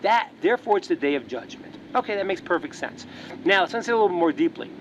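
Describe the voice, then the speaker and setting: A rabbi teaching a religious lesson, telling a parable as an animated storyteller who repeats words as he restarts. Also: high voice, quick pace, highs cut off, slight background noise.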